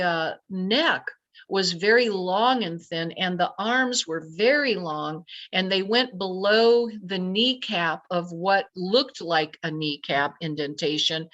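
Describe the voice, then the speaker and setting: Woman telling her story, muffled lo-fi sound. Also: lowish voice. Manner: animated, acts out her own past thoughts in quotes. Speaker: podcast guest. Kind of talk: personal storytelling. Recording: dull lo-fi sound.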